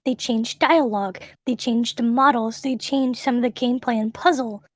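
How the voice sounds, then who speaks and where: Brief: woman interviewer, slightly high voice, emphatic and enthusiastic, dry close sound. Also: steady tone, moderate pace, no room sound. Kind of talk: casual chat about games.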